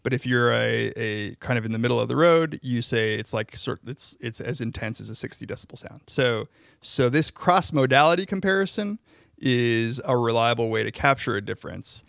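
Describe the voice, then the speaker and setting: Gravelly man explaining research. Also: medium pitch, animated, normal speed, fairly bright tone, no echo, studio quality. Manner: explains at length with frequent "like" and restarts. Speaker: podcast co-host, social psychology researcher. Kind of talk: casual academic chat.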